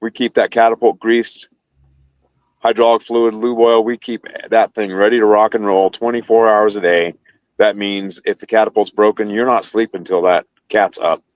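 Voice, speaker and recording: Low-voiced man telling a story, dry sound. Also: level tone, normal speed, no room sound. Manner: rambling, self-correcting, laughs while telling. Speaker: podcast guest, former carrier sailor. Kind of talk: casual storytelling interview.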